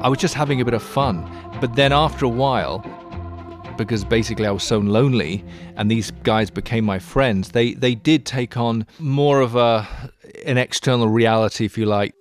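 Halting reflective man recounting a voyage. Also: medium pitch, soft background music. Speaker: ocean adventurer. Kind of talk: recounting a story in an interview.

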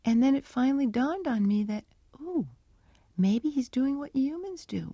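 A middle-aged woman researcher answering interview questions and telling her work stories with lively, acted-out dialogue. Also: high voice, normal speed, no room sound. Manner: animated storytelling, acts out dialogue. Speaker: animal cognition researcher.

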